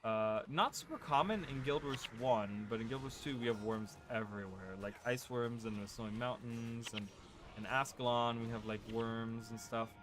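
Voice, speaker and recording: Talking into a desk mic over game music, this man hosts a relaxed let's-play for his gaming channel, full of fillers and rhetorical "right?" checks as he rambles. He has a mid-range, slightly bright voice at a moderate pace, and there's slight background noise.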